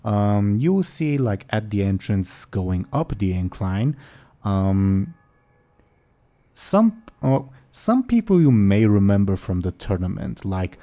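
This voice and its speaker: A man narrating as game master in a tabletop role-play game, relaxed and full of fillers. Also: fairly low pitch, slow pace.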